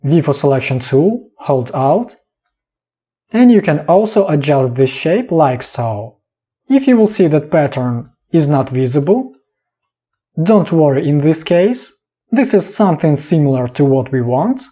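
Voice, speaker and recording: Calm, slow man with a husky voice. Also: on the high side. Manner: calm, instructive, short clipped steps. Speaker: software tutorial narrator. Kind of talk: step-by-step screen tutorial voice-over. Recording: dull lo-fi voice-over.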